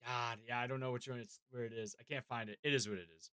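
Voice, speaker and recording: Bright-voiced rambling streamer man. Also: mid-range voice, steady tone, fast, clear, resonant tone, no room sound. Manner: rambling, swears freely, talks to chat. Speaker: live-streaming gamer. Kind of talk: casual live-stream chat.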